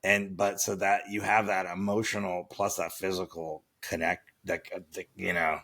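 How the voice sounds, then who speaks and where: A man's voice: low voice, flat delivery, moderate pace, bright, forceful tone. A man from Florida hosting a podcast, chatting casually and rambling through restarts and filler phrases. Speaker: podcast host. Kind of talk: casual conversational interview.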